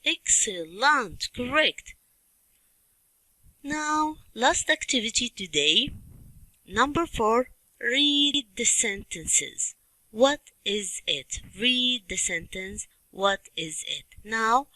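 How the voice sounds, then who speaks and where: Slow, bright-voiced woman teaching English. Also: fairly high pitch, no room sound, rough recording. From Libya. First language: Arabic. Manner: slow, clear, repeats questions and drills words. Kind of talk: recorded classroom English lesson for children.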